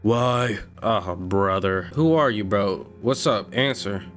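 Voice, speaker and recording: A man's voice: fairly low pitch, lively intonation, measured pace, a bit bright, faint music behind. A man commenting casually on a story game as he plays, reacting with slang and jokes. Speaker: gaming video host. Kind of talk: casual let's-play commentary.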